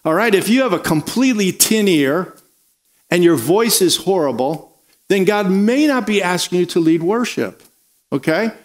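Preaching man with a higher voice. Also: animated, normal speed. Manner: emphatic preaching with repeated phrases and rising calls to the congregation. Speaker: pastor. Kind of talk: sermon.

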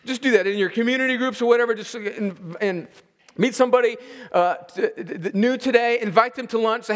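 A man preaching an expository sermon as a pastor, slowing down to stress key words and chuckling between points. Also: high-pitched. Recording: long reverb of a large hall.

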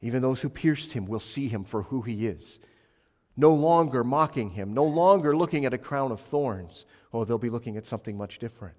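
A male pastor preaching a sermon with emphasis, swinging between loud passages and hushed ones. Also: medium pitch, lively intonation, brisk. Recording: long reverb of a large hall.

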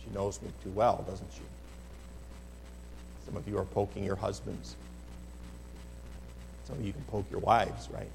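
A male pastor preaching to his congregation, moving from quiet conversational asides to loud, impassioned outbursts and reading scripture in King James wording. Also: lowish voice, flat delivery, measured pace, vocal fry, long pauses, background noise. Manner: reads scripture aloud in old-fashioned King James wording. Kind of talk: sermon. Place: church sanctuary with a congregation. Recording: long church reverb.

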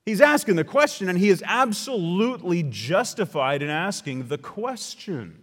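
A man with a high-pitched, sing-song voice preaches a sermon emphatically, explaining his points with conversational asides to check in with the congregation. He speaks at a normal pace with hardly any pauses and a bit of brightness, and a large hall adds long reverb.

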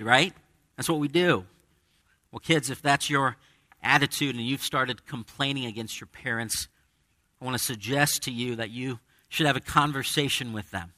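A male pastor delivers a conversational sermon to his church congregation, acting out quoted voices as he teaches. His mid-range voice is very bright and ringing. The sound is dry and close, with no room sound.

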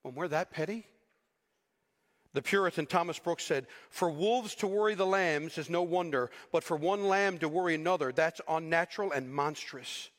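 A man preaching a sermon with animated delivery, acting out the people he quotes. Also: on the high side, normal speed, big-room sound. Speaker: pastor.

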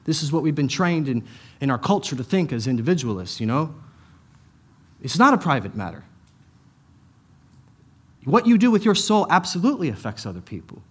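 A middle-aged pastor giving a conversational sermon, with emphatic repetitions and casual asides. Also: male voice, a little high, big pitch swings, fairly quick, pauses often, breathy edge.

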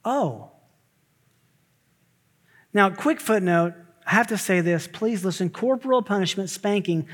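High-voiced preaching man in reverb. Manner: emphatic preaching with rising exclamations and quick asides. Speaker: pastor. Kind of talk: sermon. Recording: long hall reverb.

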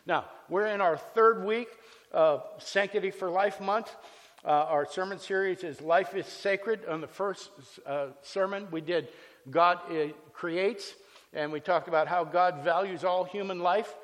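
Pastor with a higher voice in a reverberant hall. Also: male voice, a little slow, a bit bright. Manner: conversational storytelling with scripture reading. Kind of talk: sermon.

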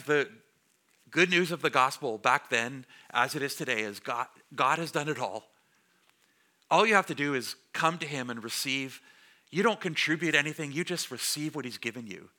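Bright-voiced pastor preaching conversationally. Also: male voice, on the high side. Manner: conversational, jokes with the congregation. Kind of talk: sermon. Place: church before a congregation.

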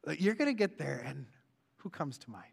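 A man preaching a sermon as a pastor, earnest, rising loud and then dropping to a hush. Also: fairly high pitch, sing-song, brisk, vocal fry, breathy edge. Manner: earnest, swings from loud to hushed.

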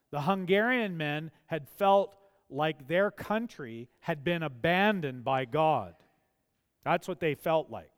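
A man's voice: sits high, clear, resonant tone, long reverb tail. A man preaching a sermon as a pastor, speaking with impassioned emphasis in a church. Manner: impassioned, rising to emphatic pleas.

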